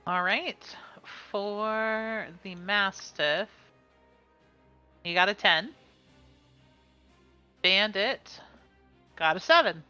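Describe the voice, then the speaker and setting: A woman's voice: medium pitch, very slow, pauses often, sharp tone, clear, resonant tone, dull audio, soft background music. A woman running a tabletop game as game master, calling rolls and describing attacks with small laughs. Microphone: streaming mic.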